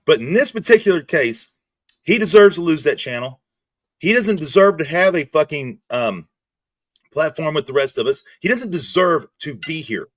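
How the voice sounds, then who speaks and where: This is a man, in his thirties, ranting on a livestream. His voice sits a little high for a man, and he swears heavily, breaking off and restarting his sentences. The sound is dry and close to the mic. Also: animated, moderate pace, no echo. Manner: angry, profane, repetitive restarts. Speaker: streamer host. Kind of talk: heated livestream rant.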